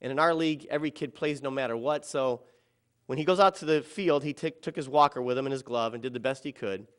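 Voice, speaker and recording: A middle-aged man telling a personal story about a children's ball game, dramatic and quoting others in softer or louder voices. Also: mid-range voice, fast talker, smooth.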